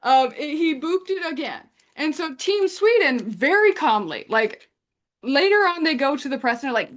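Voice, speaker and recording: A young woman from Canada telling a story in casual chat, animated and acting out quotes. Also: high-pitched, moderate pace. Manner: animated retelling with acted-out quotes. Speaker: guest storyteller.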